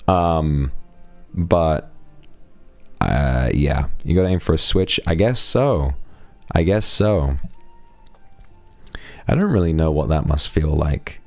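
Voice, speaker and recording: A man's voice: very deep voice, lively intonation, takes it slowly, pauses often, darkish tone, no room sound, soft background music. A young man streaming live, thanking donors and chatting frankly and playfully with his audience. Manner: frank, teasing banter with chat. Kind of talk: casual live-stream chat.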